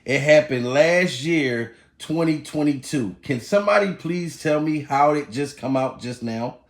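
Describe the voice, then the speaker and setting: Man, live-stream reaction host, blunt, joking, profane, slightly high voice, roomy echo. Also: measured pace. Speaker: YouTube commentator.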